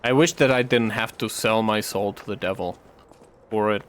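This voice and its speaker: A man's voice: on the low side, steady tone, moderate pace, a little hiss or hum. A male streamer chatting casually while he plays, rambling and swearing through his stories. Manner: rambling, profane storytelling. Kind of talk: casual chat while gaming.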